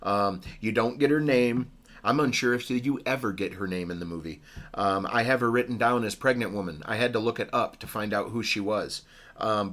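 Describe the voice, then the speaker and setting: Male podcast co-host, casual, halting movie recap full of fillers. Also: fairly low pitch, fairly bright tone. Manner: rambling, many ums and restarts.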